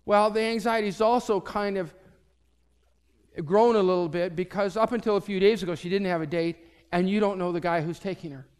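A man preaching a sermon as pastor, telling a story and swinging from loud to hushed. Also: high-pitched, brisk, clear, resonant tone, long reverb tail.

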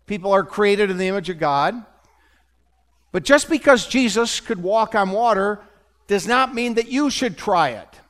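A high-pitched man preaching to his congregation in a church. He tells the story like a storyteller and keeps dropping in wry jokes and questions to the listeners. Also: animated, measured pace, a bit bright. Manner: storytelling with humorous asides. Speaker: pastor. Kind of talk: sermon. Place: church sanctuary.

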